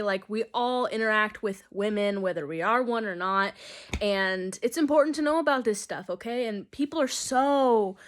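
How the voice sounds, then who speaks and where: A young woman chats casually to her viewers in a loose, rambling way, poking fun at herself. Her voice sits at a middling pitch and turns to steady reading once the chapter starts. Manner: chatty, rambling, self-deprecating. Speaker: audiobook reader, channel host. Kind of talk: casual vlog chat, then novel reading.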